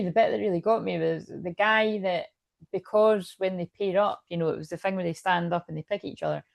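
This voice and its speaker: A woman's voice: on the low side, gravelly, no room sound, clean studio sound. A middle-aged woman giving a casual, meandering tarot reading, chatty and full of asides. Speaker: tarot reader.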